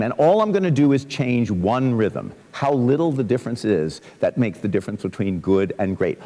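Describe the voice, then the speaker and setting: A man, a composer, giving a lively lecture to students, reciting verse and scatting rhythms to show musical patterns. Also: mid-range voice. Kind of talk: lively lecture with sung and spoken musical demonstrations. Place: large lecture hall. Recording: long reverb of a large lecture hall.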